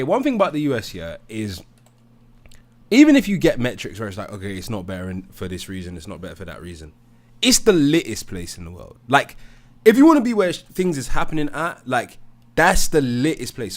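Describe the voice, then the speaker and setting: A man hosting a live stream debate, chatting casually in slang and reading viewer comments aloud. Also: mid-range voice. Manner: laid-back slangy talk, reads chat aloud.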